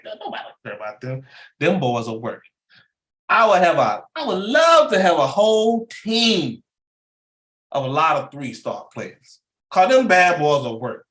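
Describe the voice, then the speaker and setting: Man, middle-aged, slangy sports talk, higher voice, roomy echo. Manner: animated, rambling, slangy. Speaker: sports channel host. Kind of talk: casual sports commentary.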